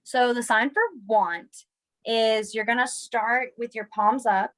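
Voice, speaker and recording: Young woman, chatty class teacher, lightly self-mocking, slightly high voice. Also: slow pace, poor audio. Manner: chatty, self-deprecating, animated when students try signs. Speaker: sign language teacher. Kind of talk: casual online class instruction.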